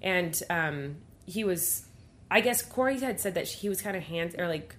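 A woman's voice: on the low side, moderate pace. A young woman hosting a casual podcast, telling a story in a chatty way and saying "like" a lot. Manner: chatty, heavy use of "like", animated retelling.

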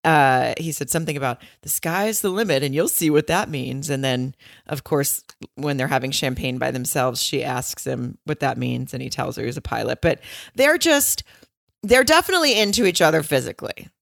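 A woman with a low voice chats candidly on a podcast, cursing casually and acting out quotes. The sound is close and dry. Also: expressive, moderate pace, gravelly, no room sound. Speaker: podcast co-host. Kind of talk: casual chat recapping a reality show.

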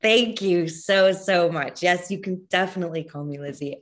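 A woman guest on a podcast interview, speaking in a rather low voice. She comes across as effusive and gushing, with laughter often breaking into her words. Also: moderate pace, few pauses. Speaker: actor guest. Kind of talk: casual interview chat.

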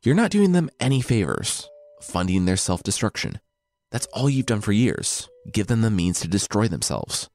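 A man's voice: on the low side, sing-song, normal speed, a little mellow, faint music behind. A man voicing a sardonic female she-demon wife who talks in flippant, dry modern slang. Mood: blunt.

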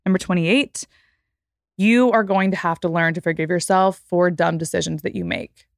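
Thirty-year-old woman podcaster, candid chatty delivery, lower voice, dead-dry booth. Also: steady tone, normal speed, creaky, no room sound. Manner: reflective, candid, frequent "like" fillers. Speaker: podcast host. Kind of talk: casual solo podcast talk.

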